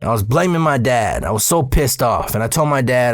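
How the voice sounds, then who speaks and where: Man, 30s, Arizona-raised storyteller host; casual and profane, slangy, gets animated; middle pitch, dry close mic. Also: fairly quick, hardly any pauses, dry recording. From Arizona, USA. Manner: profane, streetwise slang, animated when excited.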